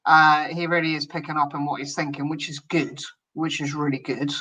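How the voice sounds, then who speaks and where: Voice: medium pitch, flat delivery, brisk, pushed and bright, slightly rough, poor audio. An interviewer reading out listener questions and reacting with friendly encouragement. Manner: friendly, encouraging, laughs easily.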